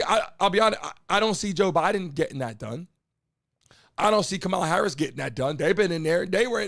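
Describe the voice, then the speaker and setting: A man hosting a live stream, giving forceful political commentary that is full of swearing and direct appeals to his chat. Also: sits high, gravelly. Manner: emphatic, talks straight to viewers, swears often; repeats lines, asks chat to respond. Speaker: live show host.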